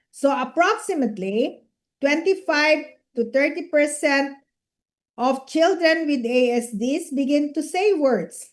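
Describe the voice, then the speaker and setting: A woman lecturer giving a clinical lecture in a measured, explanatory way, checking in with students through short tag questions. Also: high voice. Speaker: medical lecturer.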